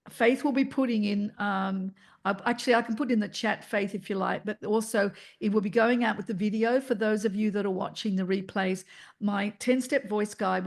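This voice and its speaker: A woman, leading an online voice workshop in an energetic, encouraging way and demonstrating vocal tones as she teaches. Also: mid-range voice, gravelly. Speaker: voice coach running an online workshop.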